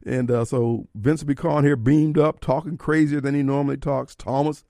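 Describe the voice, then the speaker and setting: A man's voice: medium pitch, steady tone, normal speed, vocal fry, warm tone, no room sound, clean studio sound. A man hosting a radio talk show, preaching his opinions and firing off rhetorical questions. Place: radio studio. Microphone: studio microphone.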